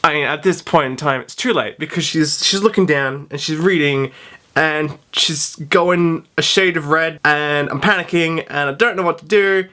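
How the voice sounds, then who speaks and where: A man's voice: on the high side, normal speed, sharp tone. A young man telling a funny school story to camera, chatty and self-mocking, with plenty of "like". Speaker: vlogger. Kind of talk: storytime vlog.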